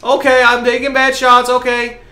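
High-voiced excitable young gamer. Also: male voice, moderate pace, roomy sound. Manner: excitable, hypes his own plays, groans at misses. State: out of breath. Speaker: gaming channel host. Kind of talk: live gameplay commentary.

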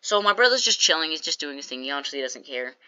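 A woman's voice: deep voice, sing-song, fast, bright, forceful tone, smooth, dry recording, rough recording. A woman casually telling a storytime vlog, chatty and jokey, acting out what people said. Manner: chatty, jokey asides, acts out quoted lines. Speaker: storytime vlogger.

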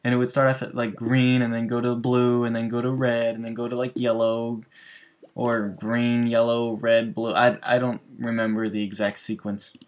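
His mid-range voice barely moves in pitch, and he keeps a moderate pace. Hosting a gaming channel, he rambles through casual stories over gameplay, with frequent restarts and asides to his viewers.

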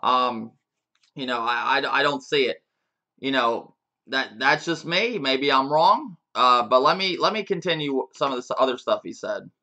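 A man's voice: mid-range voice, animated, a little slow, sharp tone. A man giving a casual, profane rant to his viewers as a gaming YouTuber, with frequent chuckles and restarts.

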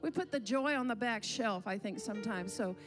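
Fervent high-voiced woman worship leader. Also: brisk, soft background music. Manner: fervent, leads the congregation in laughter. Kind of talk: church exhortation. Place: church sanctuary.

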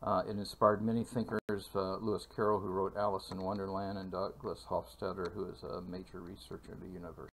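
A man teaching a calculus lecture for video, speaking in a measured way with frequent fillers and pauses. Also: deep voice, little pitch movement, a bit bright, slight background noise. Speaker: math lecturer.

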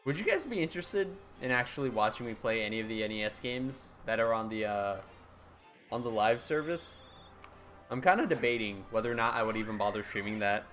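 A man's voice: medium pitch, expressive, fairly quick, fairly bright tone, faint music behind. A man from the United States chatting casually on a live game stream, answering his viewers' messages in an easygoing way. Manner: chatty, answers viewer chat with easy laughs.

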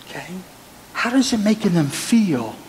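A pastor preaching with earnest warmth, his fairly high voice ringing through a church sanctuary with a long reverb tail. He prays and tells counseling stories, and faint room noise sits underneath. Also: very animated, measured pace. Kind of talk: sermon.

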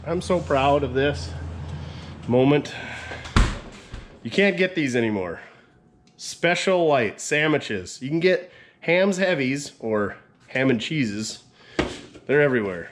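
A man's voice: mid-range voice, animated, takes it slowly, long pauses, background noise. A man hosting a truck build video, chatting casually and joking with viewers as he works. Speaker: mechanic and video host.

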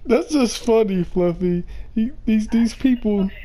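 A woman's voice: a little high, measured pace, warm tone, slight background noise. A woman hosting a casual phone chat, laid-back and teasing, laughing often. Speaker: channel host.

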